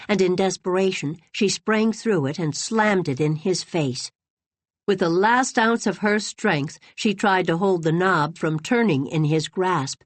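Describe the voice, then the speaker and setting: A woman reading a classic novel aloud with dramatic, expressive narration. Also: medium pitch, no room sound. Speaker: audiobook narrator. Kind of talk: scripted narration.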